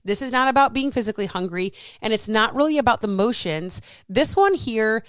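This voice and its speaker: A woman in her thirties or forties, a fitness coach talking casually and frankly, animated and swearing freely. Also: on the high side, brisk, clear, resonant tone, dry recording. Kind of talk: casual solo talk.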